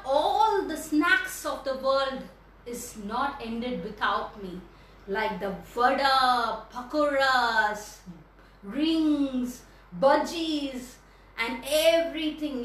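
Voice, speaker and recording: A woman's voice: high voice, reverberant, full character voice. Woman doing a furious bossy onion king. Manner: yelling, domineering.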